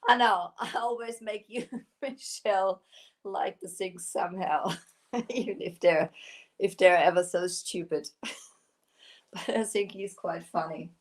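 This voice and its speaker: A woman with a German accent, German her first language, chats through a live craft stream at an unhurried pace. She giggles often and picks up viewer comments as they come in. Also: medium pitch. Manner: giggly, laughs often while talking; chatty, reads out viewer comments. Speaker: craft shop owner hosting a live stream. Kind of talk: casual live-stream chat.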